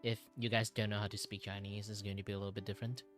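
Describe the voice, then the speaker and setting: A Malaysian man whose English accent sits between British and Malaysian. He chats casually with viewers while drawing on stream, excitable, laughing often and swearing now and then. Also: lowish voice, very fast, soft background music. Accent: mixed British and Malaysian English. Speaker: art streamer.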